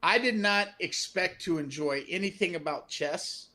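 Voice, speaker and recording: A man's voice: high voice, normal speed, sharp tone. A man in casual podcast chat, joking and emphatic.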